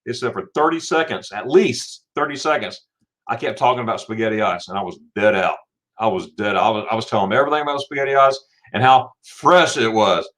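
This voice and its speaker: A man's voice: medium pitch, brisk, fairly bright tone. A middle-aged man hosting a live stream, telling funny stories in a casual chat, laughing often and repeating words as he talks. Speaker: livestream host.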